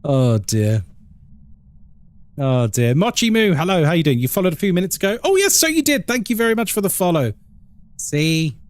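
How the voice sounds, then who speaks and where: A man hosts a live game stream, reading chat aloud and laughing often. His voice sits a little high and moves around a lot. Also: very animated, normal speed, pauses often. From England.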